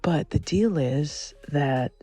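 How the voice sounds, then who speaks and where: A man's voice: on the high side, takes it slowly, mellow, soft background music. A man in his forties whispering outdoors in a redwood forest, rambling and self-deprecating. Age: 40s. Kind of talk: casual whispered vlog monologue.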